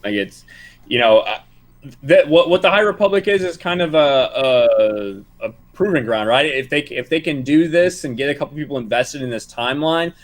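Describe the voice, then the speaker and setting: A mid-pitched man speaking as a panel guest on a live stream. He argues his views firmly and works his thoughts out aloud. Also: animated, normal speed. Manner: opinionated, thinks aloud with restarts. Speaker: guest on a fan talk stream. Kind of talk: casual panel discussion.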